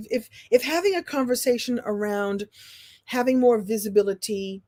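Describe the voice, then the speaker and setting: A woman giving an animated live-stream coaching talk, repeating phrases for emphasis and swinging from loud and high to soft and low. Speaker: speaker and business coach.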